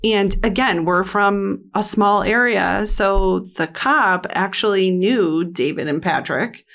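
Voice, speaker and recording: A woman in her thirties recounting a frightening family ordeal as an interview guest. Her voice sits in an ordinary middle register. She speaks haltingly, circling back with restarts and fillers as she searches for words. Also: medium pitch, gravelly, fairly bright tone. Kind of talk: emotional personal storytelling.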